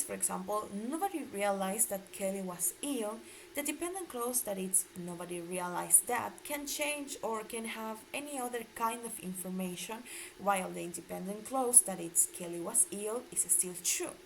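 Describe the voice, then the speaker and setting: A woman's voice: mid-range voice, a little hiss or hum, low-quality recording. A woman student giving a class presentation on linguistics, explaining with frequent hesitations.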